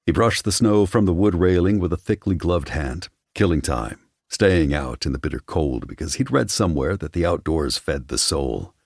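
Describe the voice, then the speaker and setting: A man giving measured, wry scripted narration of an audiobook on a close studio mic. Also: sits low, creaky, darkish tone, no echo.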